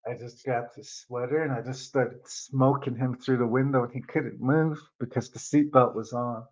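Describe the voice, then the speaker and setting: A man's voice: mid-range voice, fairly even intonation, normal speed, dull audio. A man telling a rambling personal story on his channel, swearing freely and leaning on fillers. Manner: rambling, profane, lots of fillers. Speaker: vlogger. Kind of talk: casual storytelling.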